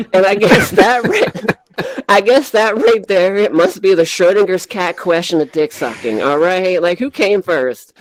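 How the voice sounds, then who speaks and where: A woman's voice: lowish voice, animated, unhurried, rough recording. A woman co-host telling raunchy comic stories, laughing often and talking crudely. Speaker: co-host and bartender. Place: virtual reality social app.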